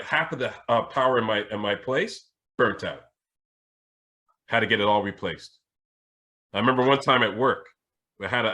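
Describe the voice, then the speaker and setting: A husky, medium-pitched man from Jamaica, a spiritual teacher hosting a podcast, shares a personal story in casual conversation. His anecdote is animated, and he keeps restarting his sentences.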